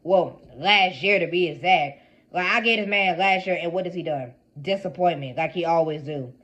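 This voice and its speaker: A man's voice: fairly high pitch, normal speed, sharp tone, highs cut off. A young man giving an exasperated, repetitive fan rant about his team, heavy on slang. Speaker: sports fan commentator.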